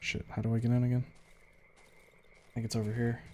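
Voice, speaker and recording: A man's voice: mid-range voice, completely flat delivery, normal speed, darkish tone, a little hiss or hum. A man streaming a video game, thinking aloud in a casual way with the odd swear. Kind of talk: live gameplay commentary.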